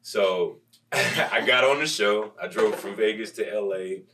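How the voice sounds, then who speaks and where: A man's voice: fairly low pitch, a little slow, recorded from a distance, a little hiss or hum. A male comedian telling a story from his career in casual talk, acting out the people in it. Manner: animated, acts out voices in his stories. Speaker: comedian guest.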